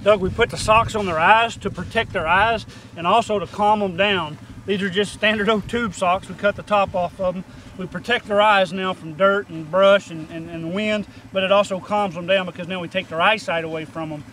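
A man's voice: high voice, fairly even intonation, normal speed, few pauses, fairly bright tone, low-quality recording. A man hosting an outdoor TV segment, with a slightly raised voice. He explains things in an upbeat, plainspoken way, with faint outdoor noise behind him. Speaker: wildlife biologist presenting an outdoor TV segment. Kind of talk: on-location outdoor show presenting. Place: outdoors on a ranch.

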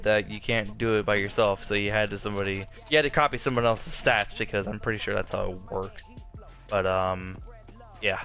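A man's voice: lowish voice, fairly bright tone. A young man casually rambling to viewers over gameplay, swearing freely and restarting his sentences. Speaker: gaming YouTuber.

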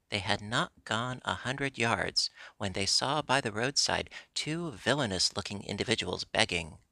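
A man reads a classic storybook aloud in a steady, measured manner. His fairly low voice has a gravelly edge and a bright, forward tone, recorded close and dry. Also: no echo. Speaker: audiobook narrator. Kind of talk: storybook narration.

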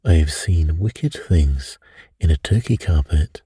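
A man reading a bedtime story, voicing a brooding priest who speaks low and dreamily of evil. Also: animated, takes it slowly, dark tone, breathy edge, dry recording, clean studio sound, full character voice. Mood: dreamy. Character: mystical, brooding elderly male priest.

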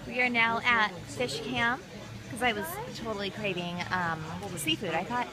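Chatting casually with a friend, a young beauty vlogger is bubbly and giggly as she raves about food and places, outdoors at the beach and in restaurants. She speaks briskly in a mid-range voice over loud background music.

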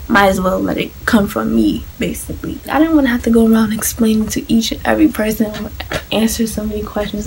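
A teenage girl telling her own story in a vlog, soft-spoken and emotional, often dropping to a near-whisper. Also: mid-range voice, gravelly, a little hiss or hum, poor audio. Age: teens. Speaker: vlogger.

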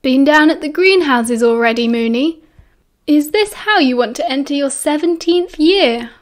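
A British woman reading an audiobook, voicing a loud, teasing teenage boy. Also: lively intonation, moderate pace. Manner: booming, teasing.

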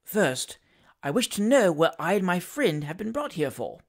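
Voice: mid-range voice, very animated, moderate pace. Reader doing a firm dignified old gent, polite but won't back down. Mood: firm indignation. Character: firm, indignant, good-humoured older gentleman. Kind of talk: audiobook character voice.

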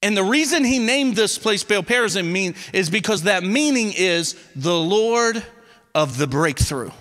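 High, bright-voiced preaching man with a Missouri twang. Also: a little slow. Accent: Southern Missouri. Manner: folksy, animated preaching with y'all and restarts. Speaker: pastor. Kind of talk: sermon. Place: church sanctuary. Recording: long church hall reverb.

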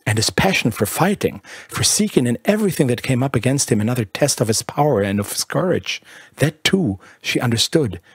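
A man reading a literary short story aloud in a measured, expressive narration. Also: medium pitch, slightly rough, no echo, clean studio sound.

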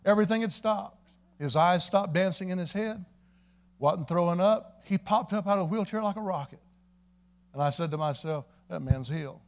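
Here is a man with a high-pitched voice preaching a revival sermon in church. He tells his story in a folksy, homespun way, then rises into fervent, shouting praise. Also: moderate pace. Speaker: evangelist preacher. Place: church service.

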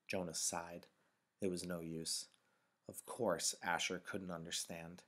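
Deep-voiced man reading a novel aloud. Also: level tone, normal speed, a bit bright. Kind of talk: novel read-aloud narration.

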